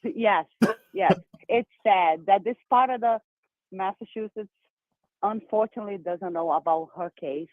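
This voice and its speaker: A woman from Brazil with a Brazilian accent, calling in to a show and talking fast and emphatically. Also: medium pitch, dry recording. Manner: fast, excited, emphatic talker. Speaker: caller. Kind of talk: call-in phone chat. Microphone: telephone. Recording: tinny dry phone line.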